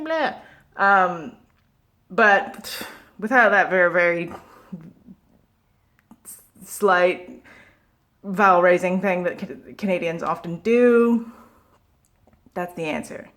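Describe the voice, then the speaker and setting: A woman with a Pacific Northwest American accent, ranting casually to camera as a vlogger, chatty and animated, sometimes trailing off quietly. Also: fairly low pitch.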